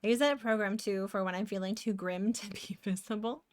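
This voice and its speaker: Young canadian woman rambling on stream while drawing, gets excited fast, dead dry sound. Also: medium pitch, no echo. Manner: chatty, distracted, bursts of excited exclamations. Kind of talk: casual live-stream chat while drawing.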